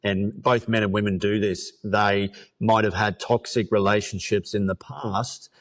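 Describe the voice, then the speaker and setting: A man's voice: lowish voice, level tone, unhurried. A man hosting a podcast interview, talking loosely with fillers and the odd swear. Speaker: podcast host. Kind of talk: casual interview chat.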